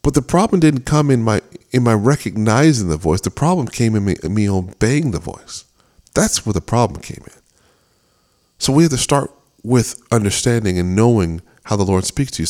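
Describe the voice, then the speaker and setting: A man's voice: fairly low pitch, darkish tone. A middle-aged man hosting a devotional talk, earnest, often repeating and restarting words as he speaks. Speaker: podcast host.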